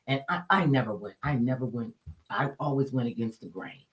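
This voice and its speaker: A woman telling a personal story casually, colloquial and animated, acting out the people she quotes. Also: a bass voice, a little fast, faint music behind, rough recording.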